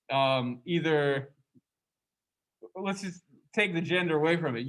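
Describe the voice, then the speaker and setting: A religious studies lecturer gives a casual, conversational class, asking his students questions and reading passages aloud from the book. His voice is on the high side and a bit bright, though the audio is poor.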